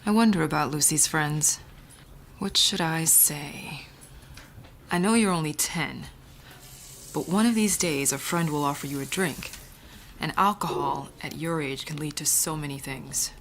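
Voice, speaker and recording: An actress playing a worried mother who talks gently and earnestly to her young daughter in a scripted ad. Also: low voice, a little slow, slight background noise. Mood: gentle. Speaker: mother in a public service ad. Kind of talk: scripted ad acting.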